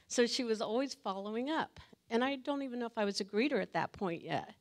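A woman with a slightly high voice shares her story in front of a church group. She talks earnestly, gets emotional and laughs often. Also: fairly quick, darkish tone. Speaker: church greeter sharing testimony. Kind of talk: personal testimony. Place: church meeting room with audience.

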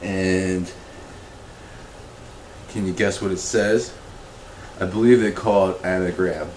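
Slow-talking, awkward man in an echoey room. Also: steady tone, darkish tone, a little hiss or hum. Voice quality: slow, awkward, rambling delivery that becomes emotional and high-pitched. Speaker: comedy web show host. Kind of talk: deadpan comedic monologue.

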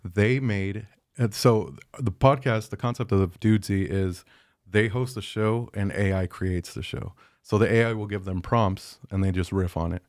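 A man's voice: lowish voice, moderate pace, no echo, clean studio sound. A man co-hosting a podcast in casual chat, blunt and profane. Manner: blunt, profane, laid-back. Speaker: podcast co-host.

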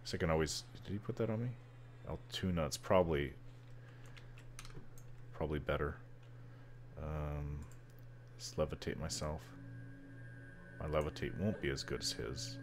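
A man's voice: extremely low pitch, normal speed, long pauses, a little hiss or hum. A Canadian man from British Columbia casually narrating his online game session, rambling and joking at himself as he stumbles over words. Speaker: gamer. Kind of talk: casual gameplay commentary.

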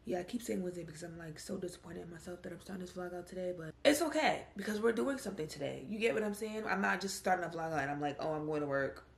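Young woman vlogger, casual and rambly, vocal fry, echoey room on camera mic. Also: lowish voice, racing, few pauses. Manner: chatty, rambling, slangy with many "like"s. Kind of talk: casual vlog talk to camera.

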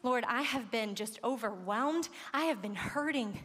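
A woman with a fairly high voice preaches earnestly to a large gathering. She drives her points home with repeated phrases and sounds moved close to tears. Long reverb from the big hall trails after her words. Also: lively intonation, a little slow, hardly any pauses, fairly bright tone. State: tearful, moved. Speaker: speaker. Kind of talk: sermon.

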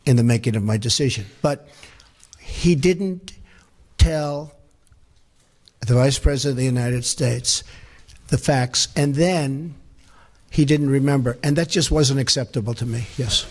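A man's voice: medium pitch, unhurried, long pauses. A man fielding press questions at a podium in a large formal hall, blunt, emphatic and repetitive, speaking off the cuff. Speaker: president at a press conference. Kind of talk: off-the-cuff press conference answers.

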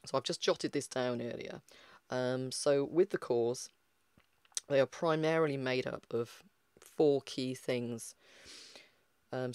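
Man, chatty art tutor, livestream teaching, mid pitch, dry close sound. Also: darkish tone, smooth, no room sound. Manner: chatty, explanatory, many fillers.

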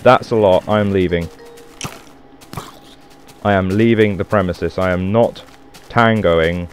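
Low-voiced man rambling over a game. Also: fairly even intonation, slow, faint music behind. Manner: rambling, swearing, self-mocking. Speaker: gamer. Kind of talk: let's play commentary.

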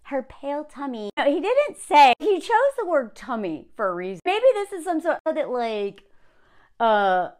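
High, lively, sarcastic woman. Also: moderate pace. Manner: sarcastic, laughs often, talks in asides. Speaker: commentator reacting to a story. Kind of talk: reaction commentary, reading aloud.

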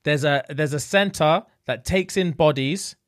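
A man's voice: fairly high pitch, a little slow. A young man co-hosting a podcast, improvising a comic skit with slangy, laughing storytelling. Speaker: podcast co-host.

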